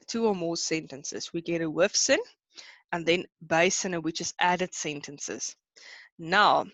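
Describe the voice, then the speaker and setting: A woman teaching a live online class, slowing to explain each term in two languages and stopping to ask whether everyone is still with her. Her voice sits a little low for a woman and sounds close and dry on the microphone. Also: fairly bright tone, no echo. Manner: explains terms in two languages, checks in with students. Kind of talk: online lesson.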